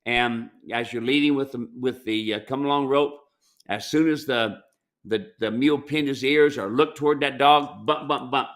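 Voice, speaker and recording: A mule trainer and ranch owner from the United States speaks in a mid-range voice at a moderate pace. On a casual question-and-answer show, he offers plainspoken, folksy advice and tells stories from the ranch.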